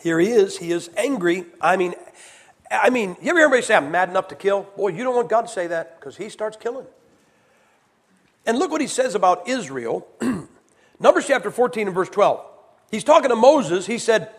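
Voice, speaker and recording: High-voiced preacher, emphatic sermon. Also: male voice, expressive, fairly quick, long pauses. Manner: emphatic, shifts from hushed to shouted; acts out quoted voices with rising intensity.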